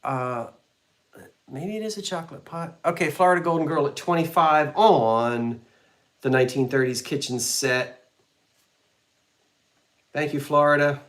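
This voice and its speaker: A man's voice: on the high side, measured pace, long pauses, fairly bright tone. A man selling antiques in a live online auction, describing each item in a chatty, rambling way with homey jokes and asides. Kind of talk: casual live sale presentation.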